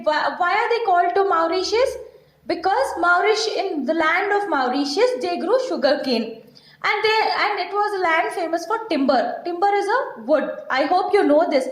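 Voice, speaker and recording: A woman English teacher with an Indian accent who reads out a textbook passage and then explains it in simple words, checking in with her class as she goes. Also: extremely high pitch. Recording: echoey room.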